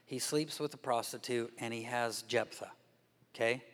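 Animated male preacher in a reverberant hall. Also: medium pitch, moderate pace. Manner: animated storytelling, acts out characters' voices. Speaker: guest preacher. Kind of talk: sermon. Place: church sanctuary.

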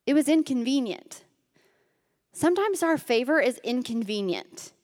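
High-voiced woman preaching in a hall. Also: animated, normal speed, darkish tone. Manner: casual, filled with "like", addresses the room directly. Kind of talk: conversational sermon. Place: room with a gathered group.

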